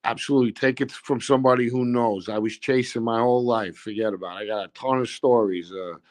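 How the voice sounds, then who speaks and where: A man's voice: medium pitch, fairly even intonation. Brash joking betting-guest man. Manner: brash, joking, fast-talking wiseguy banter. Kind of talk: casual podcast chat.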